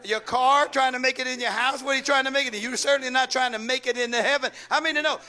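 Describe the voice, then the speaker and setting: A man's voice: extremely high pitch, fairly even intonation, fast, sharp tone. A man preaching a sermon, calling out questions for the congregation to answer and repeating key lines. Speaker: pastor. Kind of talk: call-and-response sermon.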